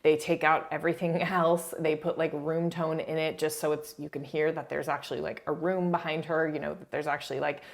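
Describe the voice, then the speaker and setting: Low-voiced chatty woman recapping TV. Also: flat delivery, fairly quick, vocal fry, hardly any pauses. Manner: chatty, frequent "like", laughs while talking. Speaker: reality TV recap YouTuber. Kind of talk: casual commentary.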